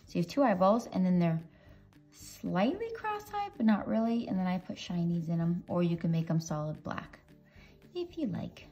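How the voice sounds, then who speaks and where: A low, mellow-voiced woman walks kids through a drawing step by step. She talks in a chatty, playful way as she works. The sound is dull and lo-fi, with faint music behind her. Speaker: drawing teacher. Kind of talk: casual drawing tutorial for kids.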